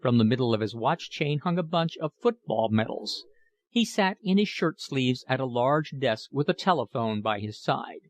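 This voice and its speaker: A man's voice: mid-range voice, lively intonation, moderate pace, no echo. Man reading a classic novel aloud. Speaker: audiobook narrator. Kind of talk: scripted narration.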